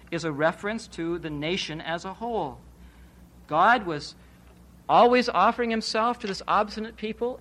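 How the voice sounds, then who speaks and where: Emphatic preacher man, higher-pitched voice. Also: a bit bright. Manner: emphatic, rhetorical questions, repeats key phrases. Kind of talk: expository Bible sermon.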